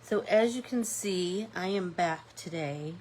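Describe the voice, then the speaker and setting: A woman's voice: fairly low pitch, measured pace, darkish tone, rough recording. A woman with a stuffy nose hosting a live-stream art class, chatting casually and thinking aloud with fillers as she paints.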